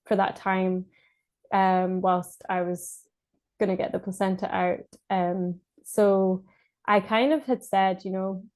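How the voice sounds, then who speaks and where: Flat-voiced Scottish woman telling her story. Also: medium pitch, slow. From Scotland. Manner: hesitant, many fillers and restarts, laughs often. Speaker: podcast guest. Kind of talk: casual spoken birth story.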